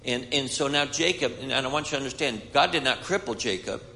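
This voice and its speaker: A man's voice: medium pitch, fairly quick, vocal fry, pushed and bright. A man preaching a sermon, retelling a Bible story and voicing its characters. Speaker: guest preacher. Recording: hall reverb.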